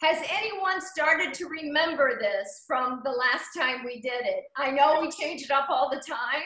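A woman's voice: high voice, unhurried, sharp tone, roomy sound, rough recording. A woman coaching an online group cycling class over a video call, upbeat and encouraging, calling riders by name and counting down the seconds. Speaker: cycling instructor.

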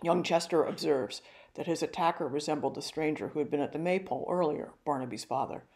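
An older woman giving a carefully read, measured talk on a novel. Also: low voice, darkish tone. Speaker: literary talk presenter.

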